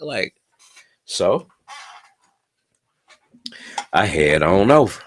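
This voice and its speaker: Young guy in his 20s, real deep voice, laid-back storytelling, cusses a lot, keeps checking you're with him. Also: animated, unhurried, pauses often, fairly bright tone. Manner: laid-back, swears a lot, keeps asking "you know what I'm saying". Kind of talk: casual storytelling.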